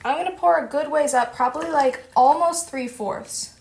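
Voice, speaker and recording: A woman's voice: high voice, normal speed, creaky, darkish tone. A young woman vlogging a casual how-to at home, chatty, playful and gushing as she talks.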